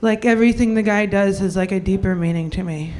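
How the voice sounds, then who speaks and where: A woman's voice: mid-range voice, fast, a little mellow. A young woman doing a stand-up comedy routine, rambling through a story with ditzy, acted-out quotes.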